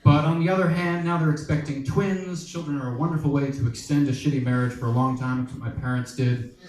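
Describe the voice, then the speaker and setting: A man's voice: a little high, steady tone, fast talker, noisy background. A man in his thirties doing a stand-up set, wry, profane and conversational. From United States. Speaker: stand-up comedian. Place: comedy club stage. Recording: echoey club recorded from a distance.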